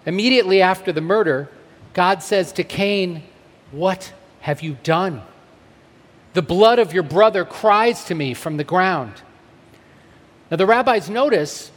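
A man giving a sermon in a measured, deliberate way, slowing down to stress the texts he reads. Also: fairly high pitch. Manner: measured and deliberate, with slow emphatic readings. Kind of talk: sermon on a text. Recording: long hall reverb.

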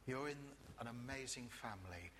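A man preaching a sermon to a congregation, chatty and lively, with jokey asides and sudden quiet emphasis. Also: mid-range voice, normal speed, big-room sound, slight background noise.

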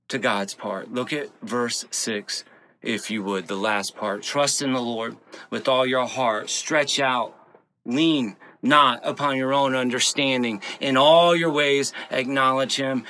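Bright-voiced preacher, "right?" at every turn. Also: male voice, medium pitch, steady tone, unhurried, a little hiss or hum. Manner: frequent "right?" tag questions, swings between loud emphasis and soft near-whispers. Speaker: pastor. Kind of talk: sermon.

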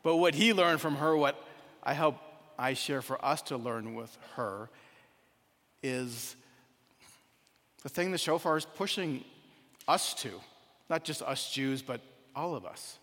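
A man preaches as a rabbi with earnest, reflective warmth of purpose, his voice a touch high for a man. He tells his story and then urges his listeners on. His words ring out in a hall with a long, trailing echo. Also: animated, takes it slowly, pauses often. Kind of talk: sermon with acted storytelling.

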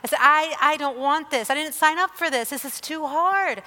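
A woman's voice: high voice, moderate pace, sharp tone. A woman preacher giving an earnest, emotional sermon, telling personal stories and often repeating her phrases. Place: church or hall with staff present. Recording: long reverb of a large hall.

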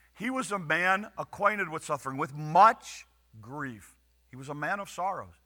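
A man preaching a sermon as pastor, earnest with dramatic pauses and raised quoted lines. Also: a little high, bright, forceful tone.

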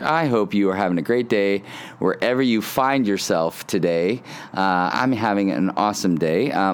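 Relaxed low-voiced man hosting a devotional podcast. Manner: relaxed, conversational, frequent fillers and restarts. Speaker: podcast host.

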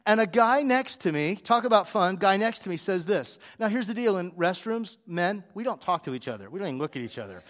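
A married man preaching, telling a story with animated delivery and acted-out dialogue. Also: high-pitched, a little fast, hardly any pauses, in a large hall. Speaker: pastor. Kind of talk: sermon with personal story.

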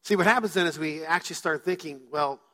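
A man's voice: fairly high pitch, quick pace, pushed and bright. A male pastor preaching a sermon to his church, telling stories and acting out quoted voices. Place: church sanctuary. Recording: church hall reverb.

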